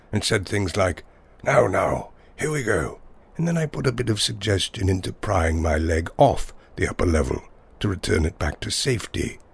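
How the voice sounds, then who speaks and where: A man with a low, gravelly voice tells a whimsical first-person tale. His delivery is wry and unhurried, savoring long, playful sentences. The tone stays rough and husky throughout. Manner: wry, whimsical, wordy storytelling. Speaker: narrator. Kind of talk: scripted first-person story narration.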